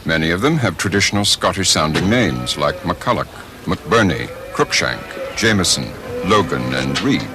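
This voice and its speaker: A man reading scripted documentary narration in a measured, expressive way. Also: low voice, over music.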